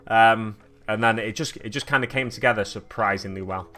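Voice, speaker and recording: A man's voice: lowish voice, a little fast, pushed and bright. A man with a Manchester-area Stockport accent chatting casually on a live stream while he paints, reading chat messages aloud and answering them. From Manchester area, England. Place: home painting setup.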